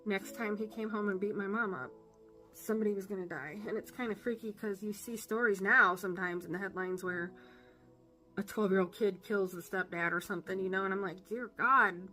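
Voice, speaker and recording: A woman giving an earnest personal faith testimony, halting with fillers and emotional. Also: mid-range voice, steady tone, pushed and bright, faint music behind. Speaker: testimony speaker.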